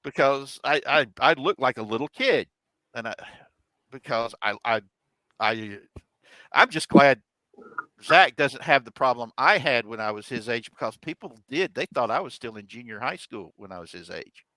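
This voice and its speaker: A middle-aged man hosts a casual chat and tells a long personal story with animated energy, acting out what the other people said. His voice sits at an average pitch with a bright, forceful edge. The sound is dry and close to the mic. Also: moderate pace, dry recording, low-quality recording. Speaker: host.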